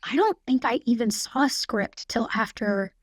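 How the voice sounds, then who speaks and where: A woman's voice: a little high, lively intonation, moderate pace, breathy edge, no room sound. Chatty woman telling stories, dry sound. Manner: chatty storyteller with many fillers. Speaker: guest actress. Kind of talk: casual podcast conversation. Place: podcast studio.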